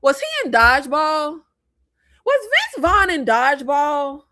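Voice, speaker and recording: An American woman hosting a casual movie review chat, blunt and animated, with rambling asides. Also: sits high, measured pace. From United States. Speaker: host.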